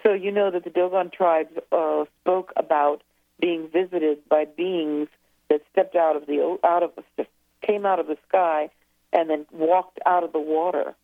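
A woman's voice: deep voice, fairly even intonation, a little slow, dry recording. A woman guest author speaking casually in an interview, rambling and hesitant as she recalls things. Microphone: telephone. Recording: tinny phone line.

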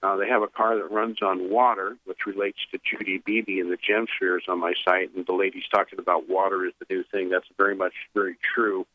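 A man's voice: low-pitched, a little fast, few pauses, dry recording. A man telling a long, meandering story over the phone on a radio show, full of "uh"s and restarts. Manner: meandering, filler-heavy storytelling with animated retelling. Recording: tinny phone line.

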